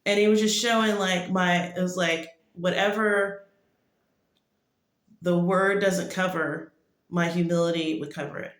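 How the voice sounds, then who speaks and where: A woman's voice: fairly low pitch, fairly even intonation, measured pace. Rambling woman in an echoey room. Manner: rambling, heavy use of "like" fillers. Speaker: testimony speaker. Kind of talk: casual spoken testimony.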